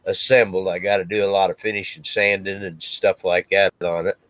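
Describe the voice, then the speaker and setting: A man chatting casually on a video call, halting and correcting himself as he talks. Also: low-pitched, level tone, a bit bright, no echo. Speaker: guest. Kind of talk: casual chat.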